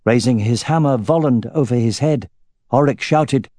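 A man reading a fantasy novel aloud as the narrator, with a steady, even storytelling delivery. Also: medium pitch, normal speed, no echo. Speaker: audiobook narrator.

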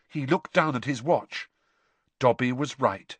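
An audiobook narrator giving a dramatic, expressive scripted reading of a story. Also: mid-range voice, a little slow, husky, no echo.

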